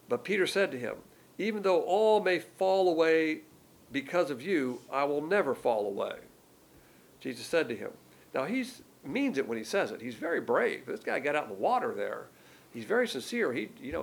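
Gravelly-voiced man teaching the Bible. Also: medium pitch, poor audio. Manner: conversational, explains in plain everyday words; reads verses aloud with more force.

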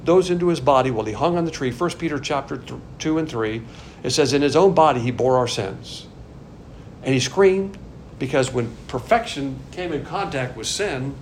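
An older man from the American South teaching a Bible sermon, swinging between loud emphasis and quiet asides. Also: fairly high pitch, a little hiss or hum. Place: Texas.

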